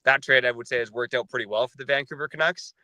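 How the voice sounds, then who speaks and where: A man hosting a sports podcast, talking in a measured, analytical way. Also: medium pitch, sharp tone, no echo, low-quality recording. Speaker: podcast host.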